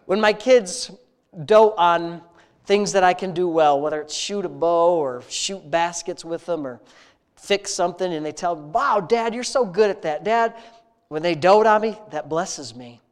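Unhurried and clean in tone, a man's high voice leads a congregation through spontaneous prayer. He keeps it intimate and conversational, heartfelt and returning again and again to phrases of praise.

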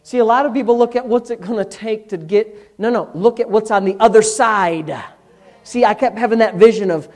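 At normal speed and high pitch, a pastor delivers his sermon, talking openly with the congregation and swinging from loud bursts down to hushed asides.

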